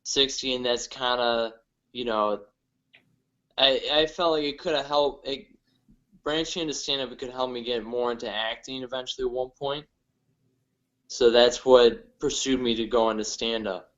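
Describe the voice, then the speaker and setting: A young man from northern Ohio with a Midwestern accent, a guest comedian telling his story in halting, hesitant bits. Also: mid-range voice, fairly even intonation, fairly bright tone, highs cut off. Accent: Midwestern American. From northern Ohio, USA. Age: young adult. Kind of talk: casual interview chat.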